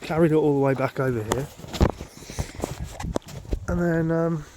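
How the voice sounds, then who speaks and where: A man's voice: fairly high pitch, measured pace, background noise. Swearing man vlogging outdoors. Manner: swearing, rambling, exasperated storytelling. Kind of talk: casual outdoor vlog. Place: outdoors at a lake.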